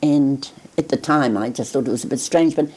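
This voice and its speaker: An older woman speaks in a very low, mellow voice. She talks reflectively in an oral history interview, often pausing and restarting her sentences as memories come back. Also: breathy edge, rough recording. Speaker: interviewee recalling her grandfather.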